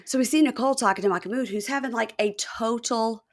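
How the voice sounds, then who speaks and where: A woman's voice: a little high, fairly quick. A woman hosting a podcast, chatting casually and acting out the people she describes in raised voices. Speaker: podcast host. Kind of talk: casual chat recapping a reality show.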